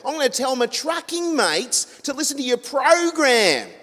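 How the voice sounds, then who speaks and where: A man voicing a gruff, emotional male trucker caller who shouts in a choked-up, drawn-out way. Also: very high-pitched, very animated, in a large hall, pitched above the performer's own voice, heavily acted.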